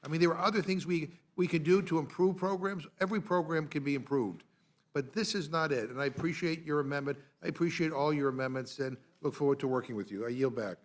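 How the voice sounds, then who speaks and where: A man on a congressional committee, speaking in an exasperated and halting way. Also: a little high. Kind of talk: committee hearing remarks.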